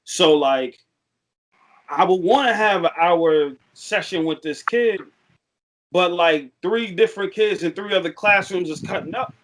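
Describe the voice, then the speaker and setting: A young man talking as a podcast guest, relaxed and rambling, with frequent fillers in casual chat. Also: sits high, a little slow, a little hiss or hum, poor audio.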